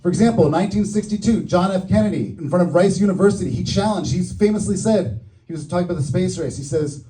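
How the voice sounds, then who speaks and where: A man's voice: high voice, fast talker, dark tone, far from the mic, poor audio. A man from Boston giving a joking, upbeat stump speech as a political candidate at a community event. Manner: joking, upbeat campaign delivery.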